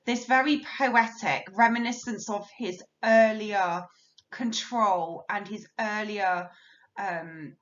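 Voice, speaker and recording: A woman teacher talks through a play in a recorded lesson, her voice sitting a little high. The sound is roomy and dull, as if from a lo-fi mic in an echoey room. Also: a bit bright. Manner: explains plainly, reads quotations aloud, some restarts. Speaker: English teacher.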